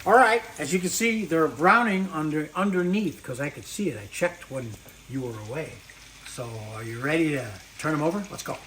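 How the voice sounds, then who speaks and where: A man's voice: fairly high pitch, moderate pace, fairly bright tone, a little hiss or hum. A man hosting a home cooking demonstration in a kitchen, playful and chatty, talking straight to his viewers. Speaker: cooking show host. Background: background music.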